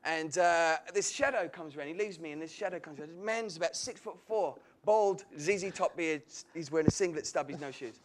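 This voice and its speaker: A man's voice: fairly high pitch, a little fast, few pauses. A man, a comedian guest, telling funny stories on a live talk show and laughing through them. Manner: animated storyteller, laughs through his tales. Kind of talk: anecdotal talk show chat.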